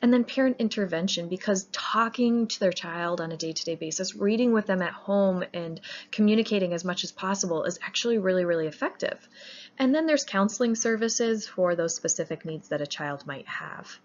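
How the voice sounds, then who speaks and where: A young adult woman giving an educational presentation, explaining clearly in an upbeat way and stressing key words. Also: mid-range voice, a little fast, lo-fi sound.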